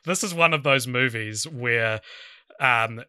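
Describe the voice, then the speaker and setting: Bright, slightly high male co-host, giggly and halting; dry close recording. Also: clean tone, no echo. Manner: laughs often, restless restarts, swings from loud to quiet. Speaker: podcast co-host. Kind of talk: casual film chat.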